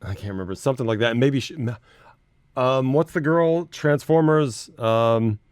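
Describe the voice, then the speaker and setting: A man's voice: medium pitch, normal speed, darkish tone, smooth, dry recording, studio quality. A man hosting a casual chat show, running through the news with a chatty, laughing manner. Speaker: radio show host.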